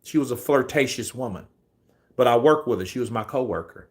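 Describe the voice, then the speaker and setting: A man's voice: medium pitch, animated, brisk, darkish tone. A man in his forties, a boxing commentary host, telling a rambling, profanity-laced story in a casual way.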